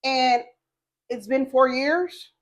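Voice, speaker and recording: Animated woman telling a faith story. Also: high voice, takes it slowly. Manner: animated storyteller, acts out dialogue with God and her daughter. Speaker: podcast co-host. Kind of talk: candid faith-based conversation.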